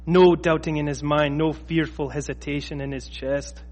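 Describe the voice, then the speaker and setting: A man putting on a Scottish accent to read an old epic tale aloud in a slow, theatrical way. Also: a little high, fairly even intonation, a little mellow, in a large hall, natural voice. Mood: declaiming. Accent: put-on Scottish. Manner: slow, declaiming, theatrical reading.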